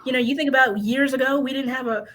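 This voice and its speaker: A woman's voice: sits high, steady tone, fast, a bit bright, slight background noise, poor audio. A woman dispatch training technician speaking as a podcast guest, earnest and emphatic, repeating her points and laughing along. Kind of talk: casual podcast interview chat.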